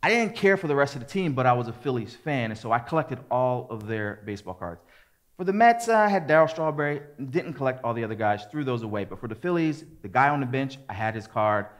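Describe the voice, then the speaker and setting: A man in his forties, a pastor preaching, telling a lively personal story and acting out what people said. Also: mid-range voice, fast talker. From American suburbs. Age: 40s. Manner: lively storyteller, acts out quotes and gets loud at the climax. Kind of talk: sermon with a storytelling anecdote.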